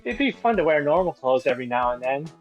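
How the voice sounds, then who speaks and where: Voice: mid-range voice, sing-song, fast, faint music behind, lightly acted. A player reading as a cheerful teenage girl medium, dull lo-fi audio. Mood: playful. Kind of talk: reading visual novel lines aloud.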